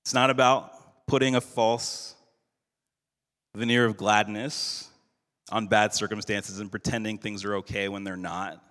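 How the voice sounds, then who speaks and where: A male pastor giving a sermon in an earnest, measured way, slowing down for emphasis. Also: on the low side, level tone, fairly bright tone. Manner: earnest, measured preaching with slowed emphatic phrases. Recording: long hall reverb.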